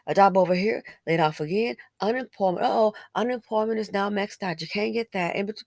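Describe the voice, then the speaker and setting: A woman's voice: medium pitch, a little fast, creaky, darkish tone, dry recording. Blunt, emphatic woman in dry commentary. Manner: emphatic, repeats phrases, asks rhetorical questions; blunt and colloquial. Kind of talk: opinionated commentary.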